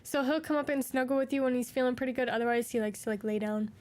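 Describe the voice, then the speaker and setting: A woman with a high, bright-pitched voice chats casually to her stream from her room at home. She gushes and dotes, slipping into sing-song baby talk. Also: quick pace. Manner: gushing, doting, baby-talks to her cat. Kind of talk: casual chat with viewers.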